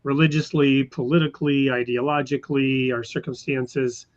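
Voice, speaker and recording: A man hosting an interview, speaking thoughtfully and haltingly with fillers. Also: medium pitch, level tone. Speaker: podcast host. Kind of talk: interview conversation. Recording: slightly dull lo-fi sound.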